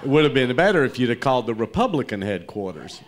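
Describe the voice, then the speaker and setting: Halting male interview host. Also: medium pitch, very animated, a little hiss or hum. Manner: halting, many false starts and restarts. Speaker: interview host, club owner. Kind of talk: live interview. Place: comedy theater stage.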